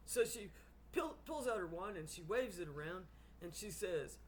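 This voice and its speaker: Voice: mid-range voice, very animated, normal speed, slight background noise. A person telling a long joke in a storytelling manner, acting out characters along the way. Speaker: joke teller.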